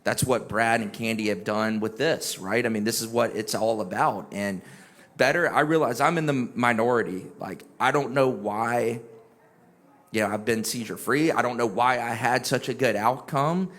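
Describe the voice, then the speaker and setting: A man's voice: medium pitch, normal speed, a bit bright. A man who once had epilepsy, talking casually on a panel, earnest and encouraging, with rhetorical questions. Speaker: neurologist and epilepsy patient.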